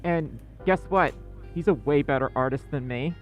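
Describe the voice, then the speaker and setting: A male livestream host chatting casually with viewers, excitable and self-deprecating. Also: a little high, normal speed, soft background music.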